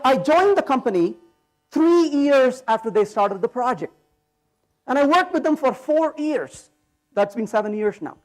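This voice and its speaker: Guy giving a tech conference talk, voice bounces all over, keeps joking and asking the crowd "right?". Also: very high voice. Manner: animated, joking storyteller; asks the audience rhetorical questions. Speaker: conference speaker. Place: conference hall stage.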